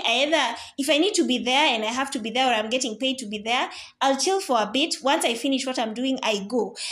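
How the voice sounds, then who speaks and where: On her solo podcast, a high-voiced young host talks casually and animatedly, sprinkling in Swahili words and performing little character voices.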